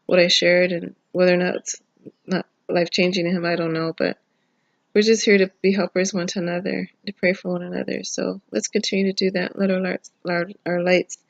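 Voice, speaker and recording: A woman's voice: on the low side, little pitch movement, a little fast, creaky, no echo, lo-fi sound. A middle-aged woman sharing an emotional, prayerful personal testimony in a video diary, tearful and rambling at times. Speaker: vlogger. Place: home. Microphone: phone camera.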